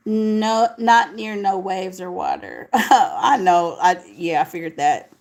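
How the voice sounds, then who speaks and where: A woman's voice: medium pitch, expressive, slow, gravelly, a little mellow. Tired chatty woman livestreaming late. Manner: sleepy, chatty, slangy. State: tired, voice crackling. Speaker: livestream host. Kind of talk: late-night livestream chat, reading viewer comments. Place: home alone.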